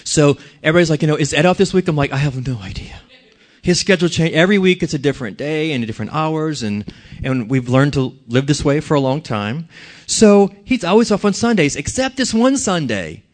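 A man preaching a conversational sermon in a church, telling stories and putting questions to the congregation in an animated way. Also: on the high side, a little fast.

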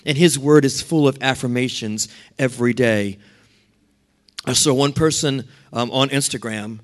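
A pastor preaching a sermon, telling stories in a lively way and acting out what other people said. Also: male voice, mid-range voice, unhurried. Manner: storytelling with lively asides and acted-out quotes.

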